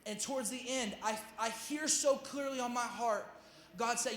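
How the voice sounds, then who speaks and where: High-voiced youth pastor preaching in a hall. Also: male voice, normal speed, fairly bright tone, a little hiss or hum. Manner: casual, slangy, joking with the crowd. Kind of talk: sermon. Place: church hall with youth audience.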